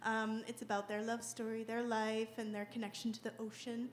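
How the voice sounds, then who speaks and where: A woman's voice: a little high, little pitch movement, moderate pace. A woman singer-songwriter introducing her song from the stage in an earnest, chatty way. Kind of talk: stage banter before a song. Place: live concert venue, on stage.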